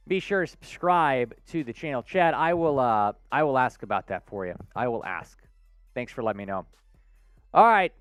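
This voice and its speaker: Animated man hosting a live sports stream. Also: high voice, clean tone, no room sound. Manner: lively, animated, answers viewer comments by name. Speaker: sports show host. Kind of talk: live stream sports talk reading chat.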